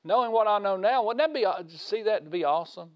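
A man giving a conversational sermon in a folksy way, asking his listeners questions and swinging from loud to hushed. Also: sits high, animated, quick pace, no echo, dull audio. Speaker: preacher.

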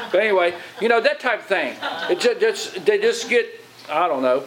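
A man's voice: sits high, lively intonation, moderate pace, noisy background. A man preaching in a church as pastor, plain-spoken and conversational, often putting questions to the congregation. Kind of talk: sermon.

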